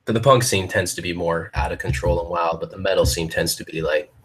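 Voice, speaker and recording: A man's voice: deep voice, fairly quick, husky. A young man co-hosting a podcast, telling rambling stories with lots of "like" and "dudes" and frequent restarts. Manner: rambling storyteller, repeats himself, says "like" and "dudes". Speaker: podcast co-host. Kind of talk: casual chat.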